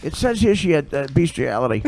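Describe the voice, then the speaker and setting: A man's voice: fairly high pitch, big pitch swings, brisk, pitched below the performer's own voice. A man doing a comedic impression of a rambling, bumbling show regular who stumbles over crude questions and corrects himself. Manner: stumbling, self-correcting, giggling. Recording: noisy recording.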